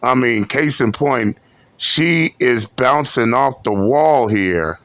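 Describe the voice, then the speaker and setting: Slow mocking commentary guy, blunt, dry close mic. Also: mid-range voice, expressive, a bit bright, no echo. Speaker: commentary host. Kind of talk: reaction commentary.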